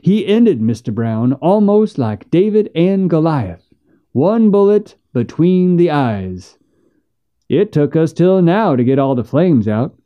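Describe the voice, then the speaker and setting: A man narrating a western story in a measured, steady way. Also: a little high, highs cut off.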